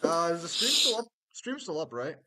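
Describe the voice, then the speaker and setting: A man hosting a casual stream, chatting loosely and swearing, with sudden animated outbursts. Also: fairly high pitch, moderate pace, heavy background noise. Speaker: streamer host.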